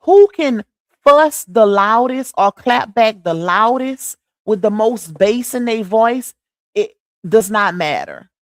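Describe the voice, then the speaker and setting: A woman's voice: fairly high pitch, expressive, slow, dry recording, clean studio sound. A woman hosting a casual livestream, chatty and preachy, talking straight to her viewers as "y'all.". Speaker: livestream host.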